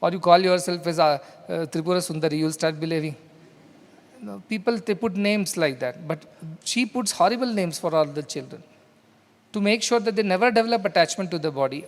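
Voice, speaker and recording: A man from India, a spiritual teacher, giving an explanatory discourse and acting out what a child says. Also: sits high. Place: large hall. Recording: hall reverb.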